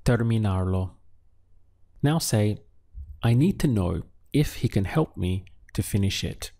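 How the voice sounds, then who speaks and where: A man teaching a language lesson, calmly prompting the listener and pausing for their answers. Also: fairly low pitch, vocal fry, slightly rough. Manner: slow, patient prompting with pauses for answers. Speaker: Spanish teacher.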